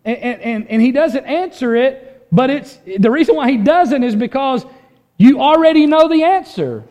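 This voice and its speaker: A man preaching a sermon in earnest, swinging from loud emphasis to a hushed voice and often repeating words as he restarts. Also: extremely high pitch, lively intonation, normal speed. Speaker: pastor.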